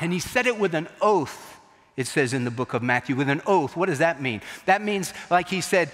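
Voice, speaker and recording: Dramatic preacher in an echoey sanctuary. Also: male voice, on the high side, expressive, moderate pace, fairly bright tone. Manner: dramatic storytelling, acting out quotes. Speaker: pastor. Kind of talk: sermon.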